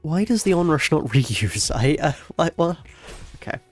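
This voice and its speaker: A man with a head cold and a stuffy nose, talking quietly and casually through his gameplay as a streamer. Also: expressive, normal speed, faint music behind. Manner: soft, low-volume talk with sighs and small laughs. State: head cold, congested, speaking softly. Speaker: game streamer.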